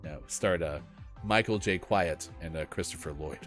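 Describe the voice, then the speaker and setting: A man's voice: low-pitched, moderate pace, soft background music. A man hosting a casual morning gaming show, joking and reading out chat messages. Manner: joking, lively, reads chat aloud. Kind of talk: casual live-stream banter.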